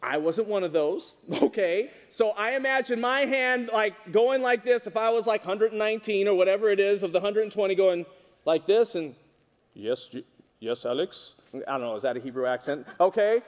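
A man preaching a sermon to a congregation, animated and often asking them questions. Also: high voice. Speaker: pastor. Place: church hall with congregation. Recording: reverberant hall.

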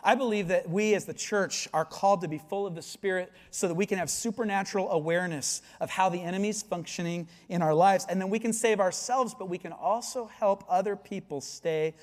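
A man's voice: high voice, a little fast, hardly any pauses, long reverb tail. A male pastor delivering a sermon, earnest and often asking the congregation questions.

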